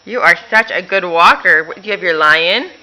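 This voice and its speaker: A woman's voice: on the low side, normal speed, sharp tone, low-quality recording. A woman talking to her toddler at home in playful, coaxing baby talk, with frequent laughs. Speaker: mother.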